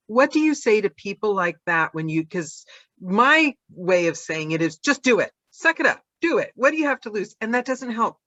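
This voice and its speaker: A woman's voice: medium pitch, big pitch swings, moderate pace, a bit bright, dry recording, lo-fi sound. A woman hosting a casual interview, frank and upbeat as she asks her guest questions. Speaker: podcast host.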